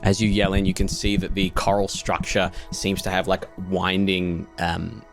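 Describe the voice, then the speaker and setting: A man's voice: deep voice, monotone, moderate pace, vocal fry, faint music behind. A man narrating as game master of a tabletop game, rambling through descriptions with lots of fillers.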